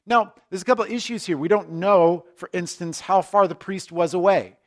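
A man's voice: sits high, moderate pace. A man preaching a conversational sermon, joking in asides and restarting his sentences as he explains the scripture. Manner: conversational, self-deprecating, frequent restarts and asides. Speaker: pastor.

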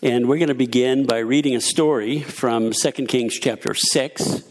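A man's voice: medium pitch, fairly even intonation, moderate pace. A man preaching as a pastor, speaking casually with fillers and asides between scripture readings. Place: church.

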